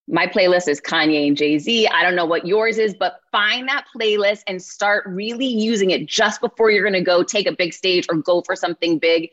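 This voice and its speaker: A woman in her forties giving an energetic motivational keynote, often checking in with her listeners. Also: medium pitch. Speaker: keynote speaker. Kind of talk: motivational speech. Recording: slightly muffled lo-fi sound.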